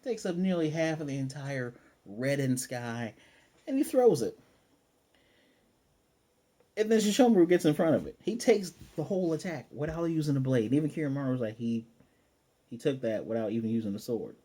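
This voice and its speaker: Male anime reviewer, mellow husky tone, energetic slangy recaps. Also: medium pitch, normal speed. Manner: excitable, slangy, swears, acts out scenes. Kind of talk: casual episode review.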